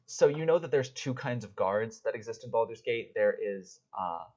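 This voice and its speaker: A man's voice: medium pitch, animated, moderate pace, darkish tone. A man narrating a tabletop game as game master, casual and rambling with many fillers. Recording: dull lo-fi audio.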